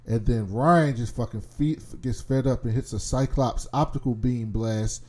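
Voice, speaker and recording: A man recapping a show episode in casual chat, animated and swearing freely. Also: medium pitch, moderate pace.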